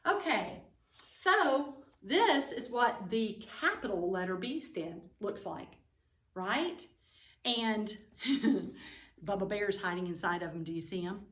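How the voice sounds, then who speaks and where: A woman teaching preschoolers over video, using a lively, sing-song voice for small children. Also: medium pitch, slow pace. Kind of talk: online preschool lesson. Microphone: camera mic. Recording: roomy sound, a bit far from the mic.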